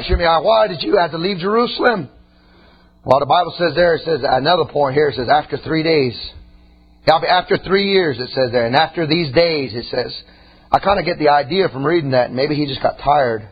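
A man preaching a sermon who swings between high shouting and low, quiet asides. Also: moderate pace, breathy edge, highs cut off.

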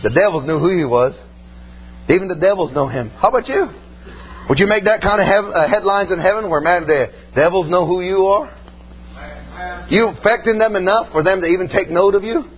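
A man's voice: high-pitched, a little fast. A man preaching a sermon in a folksy, emphatic way, punctuating his points with "amen" and "man". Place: church service. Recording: muffled recording with faint hum.

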